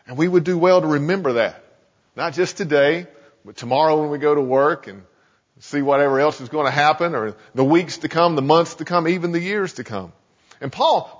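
A pastor giving a sermon, earnest and emphatic, often restarting phrases and slowing down to stress key points. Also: male voice, fairly high pitch, slightly rough. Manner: earnest preaching with many restarts and slow emphasis. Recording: muffled sound with long hall reverb.

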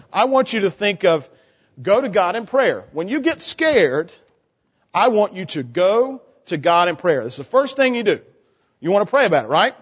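In a lo-fi, dull recording full of church hall reverb, a man with a high, husky voice leads a children's sermon in a church sanctuary. He keeps coaxing the kids with questions.

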